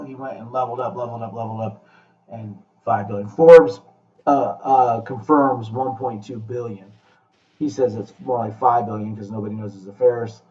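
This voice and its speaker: Host type: blunt motivational man, swears freely, mid-pitched, recorded distant in a roomy space. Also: normal speed. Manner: blunt, profane, animated pep talk. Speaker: podcast host. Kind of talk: casual podcast chat. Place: room with guests. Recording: echoey, distant, muffled room mic.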